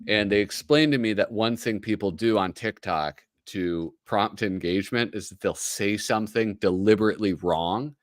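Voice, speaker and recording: Here the man's voice sits on the low side, moving at a normal speed with hardly any pauses, recorded cleanly with no room sound. He hosts a relaxed livestream at home, working through comics in a rambling, self-deprecating way, full of fillers and laughs.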